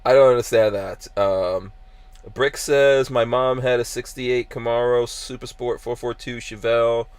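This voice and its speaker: Guy hosting a podcast, reading chat out loud, lots of ums and stop-starts, dry close sound. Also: medium pitch, steady tone, clear, resonant tone, no room sound. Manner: halting, many fillers and restarts. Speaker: podcast host. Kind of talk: casual chat, reading live chat comments.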